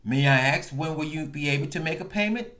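A man voicing a weary male customer service representative who repeats a flat script. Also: fairly high pitch, brisk, close to an everyday voice. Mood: flat, stubborn.

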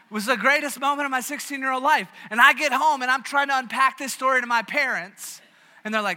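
A man's voice: extremely high pitch, fast talker. A man from the American South preaching a sermon, telling stories with animation and frequent restarts. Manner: animated storytelling with many restarts. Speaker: pastor. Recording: long reverb of a large hall.

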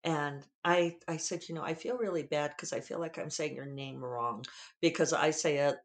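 Podcast host, Western US drawl, casual chat, candid, digressive, mid-pitched voice. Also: normal speed. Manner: candid, digressive, freely profane.

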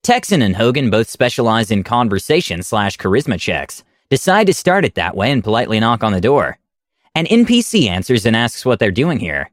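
Lively, wry male storyteller. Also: medium pitch, fairly quick, dry recording, clean studio sound. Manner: wry, deadpan asides. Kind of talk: reading a story aloud.

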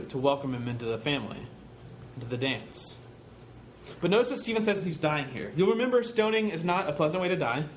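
A man's voice: fairly high pitch, slight background noise. A man preaching a sermon in a conversational way, telling stories and asking rhetorical questions.

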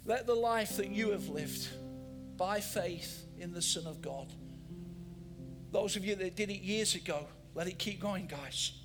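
An older man preaching a sermon in church, animated, moving between loud emphasis and soft, drawn-out phrases. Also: high-pitched, over music.

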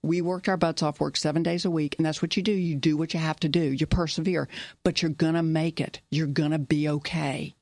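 Earnest woman with a gravelly, flat voice. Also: sits low, a little fast, no echo. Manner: earnest, repeats key phrases. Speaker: business owner guest. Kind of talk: personal storytelling interview.

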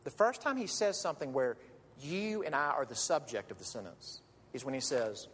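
Earnest pastor preaching in a reverberant hall. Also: male voice, medium pitch, expressive, moderate pace, slight background noise. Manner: earnest, pleading, rhetorical questions. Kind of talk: sermon. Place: church sanctuary. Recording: long reverb of a large hall.

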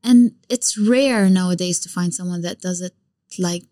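A young woman guest in a casual, heartfelt chat, tearing up and talking in a halting, gushing way. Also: on the low side, mellow.

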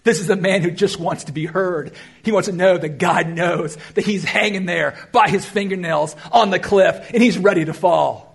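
A man preaching a sermon, addressing the church with emphatic rises and quiet, drawn-out phrases. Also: high-pitched, gravelly, slightly rough. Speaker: pastor.

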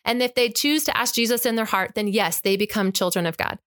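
A woman voicing an evasive male pastor who hedges with measured doctrinal answers. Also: high-pitched, a bit bright, dry recording, clean studio sound.

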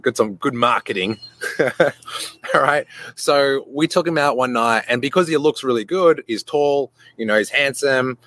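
A young man talks straight at the listener in a loose, swearing podcast monologue. He is animated and keeps slipping into voices for the people in his story. The sound is close and dry, with almost no room at all. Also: mid-range voice, dry recording. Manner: animated, swears freely, acts out voices in anecdotes. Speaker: podcast host.

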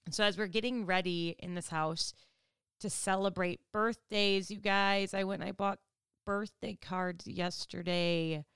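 A woman's voice: mid-range voice, steady tone, measured pace, fairly bright tone, clean tone, dry recording, clean studio sound. A woman of about forty from Wisconsin, chatting casually to her viewers, laughing often and acting out quoted people. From Wisconsin, US Midwest. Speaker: vlogger. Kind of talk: casual chat to camera.

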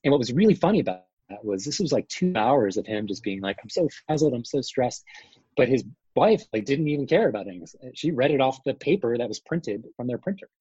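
Rambling husky-voiced wedding photographer. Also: male voice, mid-range voice, sing-song, a little fast, hardly any pauses, warm tone, no room sound, muffled recording. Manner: rambling, lots of fillers, acts out quotes. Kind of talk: casual interview chat.

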